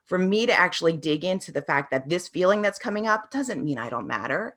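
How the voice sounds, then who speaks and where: A woman's voice: low-pitched, fairly bright tone. A woman answering interview questions as a parenting coach, telling her experiences in an earnest, reflective way.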